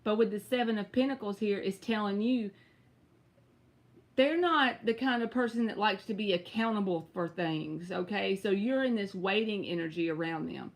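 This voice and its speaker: A woman's voice: mid-range voice, normal speed. A woman with a Southern US accent giving live tarot readings, chatty and direct, answering viewers by name. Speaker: tarot reader.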